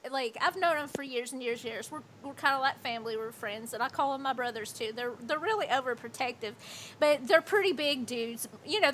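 A woman's voice: high voice, sharp tone, slight background noise. A woman in her thirties livestreaming, telling a rambling, profane story with lots of "like" in casual chat.

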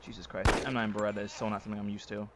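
A man hosting a let's play, chatting with friends while gaming, excitable and swearing in exasperated outbursts. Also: on the low side, racing, very noisy. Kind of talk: casual gaming chat and outro.

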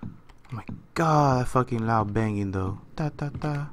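Playing a horror game at home, this young man narrates in a medium-pitched, somewhat slow voice with a bit of hiss or hum behind it. Profanity flies as he shifts between quiet mumbling and frantic screams for his YouTube channel.

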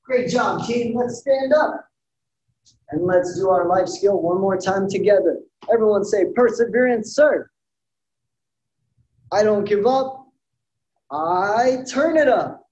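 A man who is a martial arts instructor leads an online taekwondo class, calling out commands, counting drills and giving sharp shouted yells. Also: sits high, lively intonation, slow, pauses often, distant mic, muffled recording. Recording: roomy sound from away from the mic.

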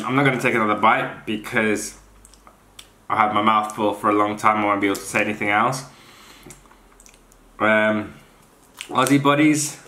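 A man's voice: on the low side, sharp tone, a little hiss or hum. A man doing a casual taste-test review as a fitness vlogger, blunt and unimpressed, talking through mouthfuls. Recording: roomy echoey room.

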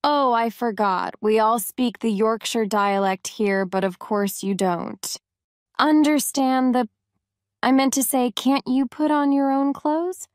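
A woman reading aloud plays a kind, talkative young servant girl who chats warmly and gently scolds the child in her care. Her fairly high voice is smooth and clear, and she speaks at an unhurried pace. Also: no echo, studio quality. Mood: chatty.

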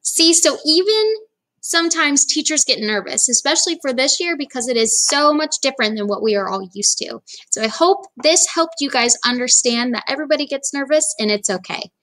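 Woman, teacher, picture-book read-aloud, encouraging, somewhat high voice. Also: expressive, brisk. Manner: gentle, encouraging. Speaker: reading teacher.

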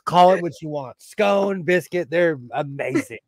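A man's voice: high voice, unhurried. An American man co-hosting a livestream in casual chat, laughing often and riffing on viewer comments. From United States. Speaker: livestream co-host.

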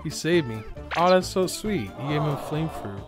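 A young man giving excitable commentary over his gameplay, laughing and yelping often. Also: on the high side, moderate pace, music in the background. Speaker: gaming YouTuber.

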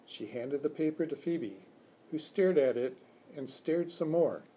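A man reads a children's chapter book aloud at an unhurried pace, his pitch rising and falling with lively expression. His voice is somewhat husky, with a higher-than-average pitch for a man. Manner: expressive, does character voices. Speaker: school read-aloud reader.

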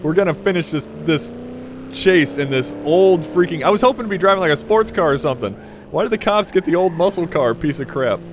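A man's voice: fairly high pitch, lively intonation, brisk, background noise. Joking young man narrating his gameplay. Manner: joking, rambling, talks to the game characters. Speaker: gaming YouTuber. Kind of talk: casual gameplay commentary.

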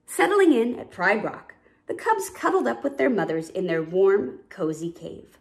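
A woman reading a children's picture story aloud in a warm, lively storytelling manner. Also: medium pitch, unhurried, gravelly.

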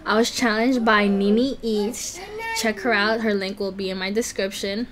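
A woman's voice: medium pitch, steady tone, moderate pace, a crowd in the background. A woman vlogger chatting casually to camera before a food challenge, nervous and giggly, often stumbling over her words. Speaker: mukbang vlogger.

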